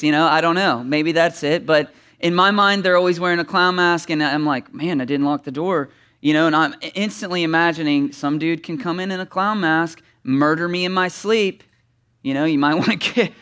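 A man's voice: on the high side, moderate pace, clear, resonant tone. A man preaching a sermon, reading scripture dramatically and joking with the congregation. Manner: animated, reads scripture dramatically, then chats with humor. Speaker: pastor.

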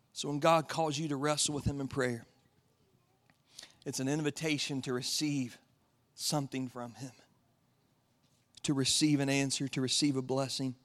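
A young man preaching a sermon, earnest and personal, rising to loud impassioned passages. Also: mid-range voice, steady tone, a little slow, pauses often. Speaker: pastor.

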